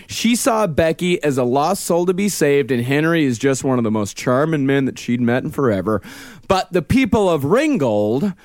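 A man's voice: on the high side, big pitch swings, moderate pace, a little mellow, no room sound. Man telling a true crime story, dry close sound. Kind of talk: casual storytelling chat.

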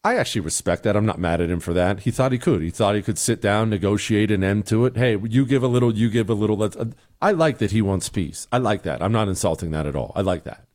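A man's voice: on the low side, lively intonation, fast, a little mellow. Middle-aged male host, blunt, sarcastic opinion talk. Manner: emphatic, sarcastic, repeats points. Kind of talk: opinionated commentary and listener emails.

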